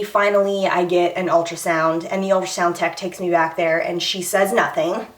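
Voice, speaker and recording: A woman's voice: mid-range voice, fairly bright tone, far from the mic. A young woman vlogging about her pregnancy, candid and emotional, acting out what people said to her. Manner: emotional, candid, retells scenes with quoted dialogue. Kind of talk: personal storytelling vlog. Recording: echoey room, voice a little off-mic.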